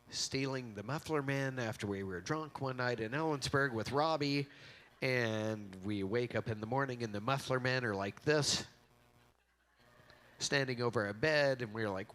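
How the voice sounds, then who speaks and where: A man's voice: medium pitch, a little slow, fairly bright tone. A man speaking at a memorial, giving a casual, rambling eulogy full of anecdotes and jokes about his friend into a microphone. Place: convention center event hall.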